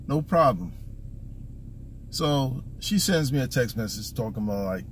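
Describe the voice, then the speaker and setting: A man's voice: mid-range voice, lively intonation, a little slow, pauses often, a little hiss or hum. A man telling a story as a casual, profane rant in a car, exasperated and acting out the back-and-forth dialogue. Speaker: vlogger.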